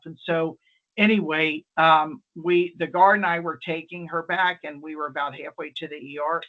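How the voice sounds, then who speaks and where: A man with a slightly raised voice tells a workplace story during an online presentation. He rambles and restarts often, and the call audio comes through dull and lo-fi. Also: fairly high pitch. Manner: rambling, chatty, many fillers and restarts. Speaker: nurse presenter. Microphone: video call.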